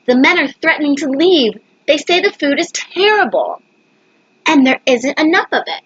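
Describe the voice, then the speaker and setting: A woman's voice: high voice, big pitch swings, normal speed, dry recording, dull audio, voice pushed up. A woman voicing a polite, worried army general who gives grave warnings, read from a storybook.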